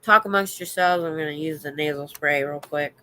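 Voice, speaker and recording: A woman with a stuffy nose, hosting a casual late-night livestream, chatting loudly, laughing often and reading out comments. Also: sits low, fairly quick. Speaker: livestream host. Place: home.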